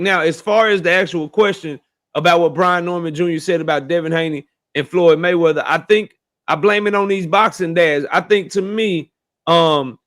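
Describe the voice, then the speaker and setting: A man's voice: sits high, a bit bright. A man giving emphatic, slangy opinions on boxing in a casual debate. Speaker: boxing commentator.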